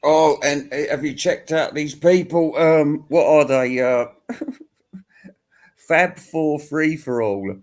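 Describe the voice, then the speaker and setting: A man's voice: fairly high pitch, slow pace. A man hosting a rambling comic monologue, ranting crudely and laughing at his own jokes. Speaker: host answering viewer questions.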